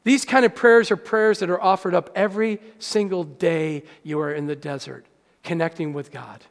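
Man, pastor, sermon, high pitch, gravelly, hushed-to-loud swings, reverberant hall. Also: fairly even intonation, moderate pace. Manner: preaching with swings from hushed to loud, calls to the congregation. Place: church hall. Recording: echoey hall.

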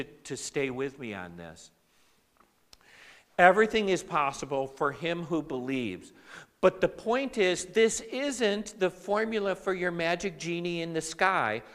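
A male pastor delivers a sermon at an unhurried pace, his voice rising and falling with lively expression. He often breaks off to speak directly to the congregation. His words ring out with the long reverb of a large hall. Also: a little high. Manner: animated preaching, with asides to the congregation.

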